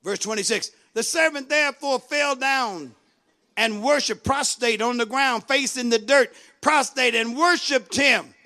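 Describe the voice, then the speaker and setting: A man's voice: very high voice, measured pace, pushed and bright. A man preaching a sermon with passion, acting out pleading lines from the scripture. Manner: impassioned, acts out the servant's pleading.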